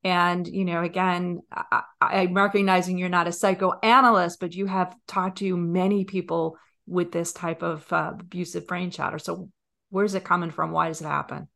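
A woman's voice: lowish voice, little pitch movement, normal speed, creaky, a bit bright. A woman podcast host in a casual interview, asking long, thoughtful framing questions.

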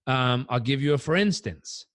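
A man on a podcast telling personal stories in an animated way, acting out the voices in them. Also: medium pitch, normal speed, dry recording, studio quality. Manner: animated, acts out quotes. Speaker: guest. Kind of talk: conversational storytelling.

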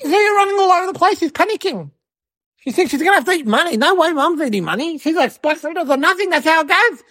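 A woman's voice: very high-pitched, expressive, fast talker, a bit bright. A woman performing a cheeky little boy in a comedy sketch, telling a rambling story with giggles and mocking impressions of his relatives.

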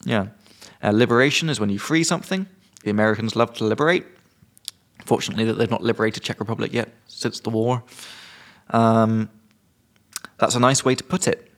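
A man's voice: on the low side, a little fast. A man hosting a casual podcast, teaching vocabulary with jokes and casual swearing. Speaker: podcast host and English teacher.

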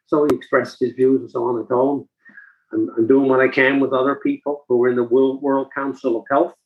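A man's voice: medium pitch, flat delivery, a little fast, highs cut off. A man in his seventies from Newfoundland, Canada, a guest in an interview, telling stories earnestly and often restarting his phrases. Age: 70s. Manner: earnest, repeats and restarts while recounting calls. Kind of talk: conversational storytelling.

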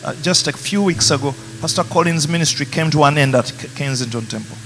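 A pastor with a Ugandan accent preaching a passionate sermon in a church, rising to emphatic peaks. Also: male voice, a little high, fairly quick, a bit bright, slight background noise. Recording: music playing behind.

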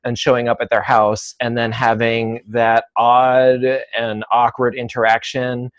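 A male dog trainer talks through his experiences as an interview guest. He takes his time and fills gaps with soft hesitations. The recording is dry and close, with almost no room sound. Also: medium pitch, flat delivery, no room sound, lo-fi sound. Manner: thoughtful, measured, many "um" and "uh" pauses. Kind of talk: conversational interview.

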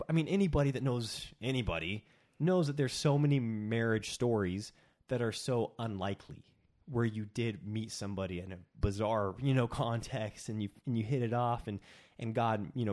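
A young man co-hosting a casual chat, telling stories in an animated way with many restarts. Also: medium pitch. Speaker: podcast co-host.

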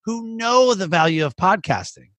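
A man who hosts a podcast and works as a coach chats in a rambling, casual interview style, packed with "like" and restarts. His voice is high, animated and a bit bright, at a normal speed, with no room sound.

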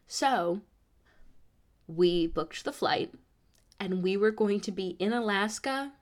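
Young female podcast host, animated storyteller, mid-range voice, acts out quoted voices. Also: medium pitch, slow pace, pauses often. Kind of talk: casual storytelling.

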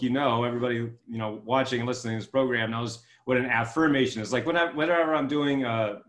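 A man's voice: a bit bright, reverberant. A man as an interview guest, telling stories with enthusiasm and acting out quoted lines. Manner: enthusiastic, acts out quotes with rising pitch. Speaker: guest author and keynote speaker. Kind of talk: animated storytelling interview.

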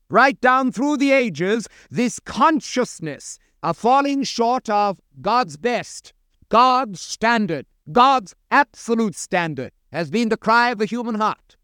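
A man's voice: high voice, lively intonation, slow pace, a bit bright, smooth, dry recording, clean studio sound. A man preaching a sermon to a congregation, quoting scripture with impassioned, dramatic emphasis.

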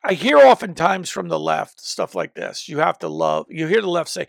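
A man delivers a teaching sermon into a microphone in a high, heavily gravelly voice that swings up and down with animated pitch. He talks emphatically, circling back and restarting his phrases as he drives each point home. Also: fairly quick, no room sound, clean studio sound. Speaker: preacher and teacher.

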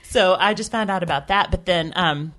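A woman's voice: on the low side, moderate pace, a bit bright. A woman co-hosting a podcast, talking earnestly and emotionally about faith, with frequent restarts. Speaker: podcast co-host. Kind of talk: candid faith podcast conversation.

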